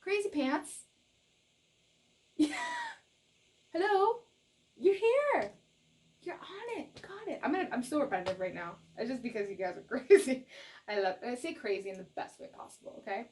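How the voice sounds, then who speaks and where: A young adult woman from Canada giving a casual tarot reading straight to viewers, laughing often and repeating herself in her excitement. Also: on the high side, fast. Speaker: tarot reader.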